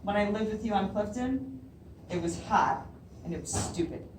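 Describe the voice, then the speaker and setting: A woman's voice: medium pitch, lively intonation, moderate pace, background noise. A woman poet reading her own poems aloud at a library event, nervous and laughing often between lines. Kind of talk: live poetry reading. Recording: roomy hall, voice from a distance.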